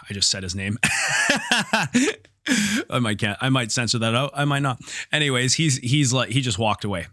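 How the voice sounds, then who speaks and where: A man's voice: fairly low pitch, no room sound, clean studio sound. A man hosting a podcast, telling a story casually and with swearing, acting out the quoted lines of the people in it. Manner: animated, profane, acts out quoted dialogue. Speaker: podcast host.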